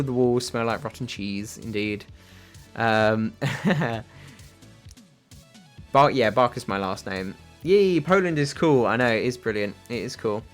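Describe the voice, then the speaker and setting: A British man hosts a casual livestream, reading out viewer questions and rambling through answers with plenty of ums and uhs. His voice sits at an ordinary middle pitch, and he pokes fun at himself. Faint music plays underneath. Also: fairly bright tone. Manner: rambling, self-deprecating, many fillers. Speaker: livestream host.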